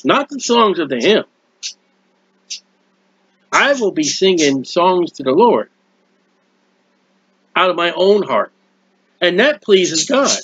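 A man's voice: high voice, lively intonation, slow pace, pauses often, slightly rough, dry recording, dull audio. Earnest rambling man preaching. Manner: earnest, rambling, with restarts and quiet asides. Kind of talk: sermon. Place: at home, birds heard nearby.

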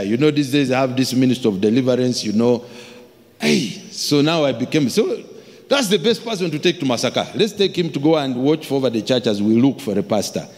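A man preaching a sermon as a pastor, telling stories with acted-out voices and sudden shouts. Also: mid-range voice, a little fast. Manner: animated storytelling, acts out voices, shouts for emphasis. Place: large church hall. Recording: long hall reverb.

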